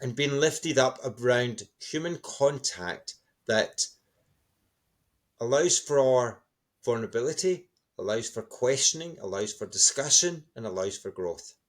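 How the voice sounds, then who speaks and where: A middle-aged man answers interview questions with enthusiasm, sounding encouraging and upbeat. His voice sits at an ordinary medium pitch for a man. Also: animated, unhurried. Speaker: guest speaker.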